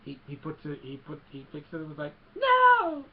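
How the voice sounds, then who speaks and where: Rambling man with a gravelly voice. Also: a little high, level tone, brisk, phone-quality sound, slight background noise. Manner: rambling, many fillers, acts out quotes. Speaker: film recap vlogger. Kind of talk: casual movie retelling.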